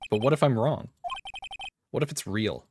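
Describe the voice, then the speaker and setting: A streamer voicing a composed, haunted young male prosecutor in a measured, grave way, with game music behind. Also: medium pitch, lightly acted.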